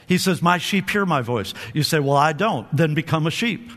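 A man's voice: a little high, lively intonation, normal speed, a bit bright. A male pastor preaching a sermon with lots of energy, calling on the congregation to answer back and often repeating his words as he restarts. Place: church sanctuary. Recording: long hall reverb.

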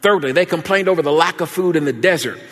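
A man preaching a sermon, telling a childhood story in an animated, folksy way before listing scripture references. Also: on the high side, fast talker. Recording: long hall reverb.

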